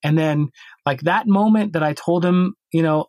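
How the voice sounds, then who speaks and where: A man's voice: on the high side, animated, normal speed, a little mellow, no room sound. A man co-hosting a podcast, telling a long story in a casual, rambling way with many restarts and fillers. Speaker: podcast co-host.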